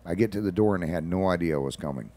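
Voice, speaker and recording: A man's voice: sits low, racing, dark tone. A man, a regular on a radio show, telling rambling stories in casual talk with folksy asides.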